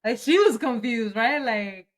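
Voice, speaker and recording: Animated woman storyteller, slightly high voice. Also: a little slow. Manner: animated storyteller, acts out quotes loudly. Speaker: podcast co-host. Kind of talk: casual chat.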